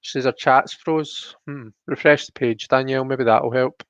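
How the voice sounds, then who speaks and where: A man's voice: medium pitch, fairly even intonation, moderate pace, a bit bright, smooth, no room sound. A man hosting a casual live stream, chatty as he greets viewers by name and reads the chat aloud. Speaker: livestream host. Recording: dull, dry lo-fi stream audio.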